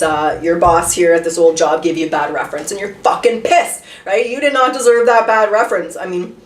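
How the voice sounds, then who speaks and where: Chatty woman reading tarot, roomy echo. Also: mid-range voice. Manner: chatty, repeats herself, asks rhetorical questions, swears casually. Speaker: tarot reader. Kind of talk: casual tarot reading monologue. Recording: roomy echo, voice a bit far from the mic.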